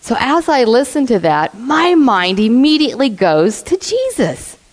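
A woman's voice: on the high side, sing-song, a little slow, rough recording. A woman preaching a sermon to a congregation. She asks the listeners questions, laughs often and acts out the voices in her stories. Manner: acts out quoted voices in a storytelling way.

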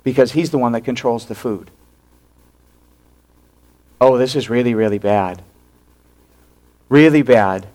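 A male pastor preaching a sermon, retelling a story with animated acted-out quotes and hushed drops for emphasis. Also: mid-range voice, measured pace, long pauses.

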